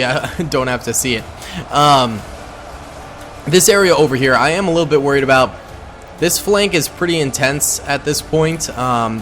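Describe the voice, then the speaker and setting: Male gaming commentator, casual and excitable, mid-pitch voice, music bed underneath. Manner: upbeat, chatty, excitable with playful slang. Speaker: gaming YouTuber commentating a battle simulation.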